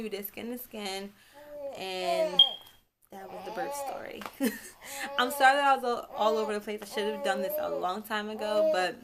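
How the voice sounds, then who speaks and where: A young woman talks straight to her camera in a loose, chatty vlog. She rambles, backtracks and apologizes as she goes. Her voice sits at an ordinary middle pitch, picked up by the camera's own mic. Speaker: vlogger, new mother. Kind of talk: casual storytelling vlog.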